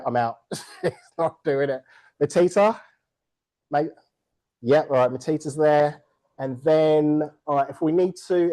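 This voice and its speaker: A person hosting a virtual book launch over a video call, energetic and playful, joking with the audience. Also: mid-range voice, poor audio. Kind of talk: upbeat event hosting.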